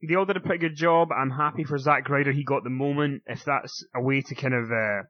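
A man's voice: quick pace, no room sound. A man co-hosting a casual chat, laughing often as he talks. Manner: laughs often, mimics others in shrill voices. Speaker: podcast co-host. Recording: slightly muffled audio.

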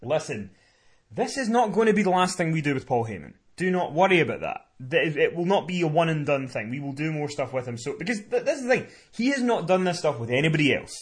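This man co-hosts a podcast and promotes events, and here he's spinning a story during relaxed conversation. His voice runs a little high and moves quickly, with the lively, talkative energy of a natural storyteller.

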